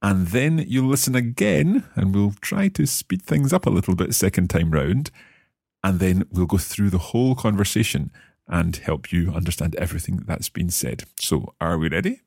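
A man's voice: low-pitched, expressive, moderate pace, vocal fry, a little mellow, breathy edge, dry recording, studio quality. A man hosting a language lesson, chatty and enthusiastic. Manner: chatty, enthusiastic, repeats words. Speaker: language course host.

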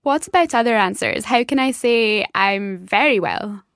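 A woman's voice: fairly high pitch, fairly bright tone, no echo, clean studio sound. A woman acting as the learner in a language lesson, carefully repeating each phrase after the teacher. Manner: careful, deliberate repetition. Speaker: learner co-host.

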